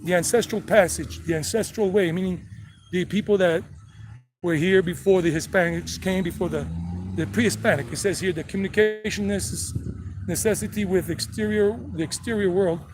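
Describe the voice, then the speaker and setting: Man, mixed South Carolina and New York accent, high voice, chatty rambling live-stream walking tour, phone mic outdoors, faint traffic noise. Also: fairly even intonation, moderate pace. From United States. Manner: chatty and rambling, reading chat messages while walking. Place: outdoors on city streets, traffic passing.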